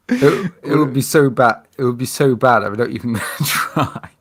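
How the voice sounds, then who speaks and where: A man's voice: mid-range voice, big pitch swings, slow pace, background noise. A man co-hosting a casual podcast chat, giving short dry replies and laughing easily. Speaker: podcast co-host.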